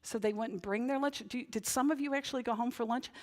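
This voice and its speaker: Speaking fast with a voice on the high side, a woman pastor from Northern New England delivers a chatty, conversational sermon in church. She keeps punctuating her points with "right?"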